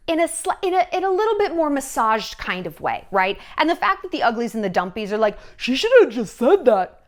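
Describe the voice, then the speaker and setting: A woman's voice: fairly high pitch, fairly bright tone. Brash, sarcastic woman gossip vlogger. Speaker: vlogger host. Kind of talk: casual celebrity gossip vlog.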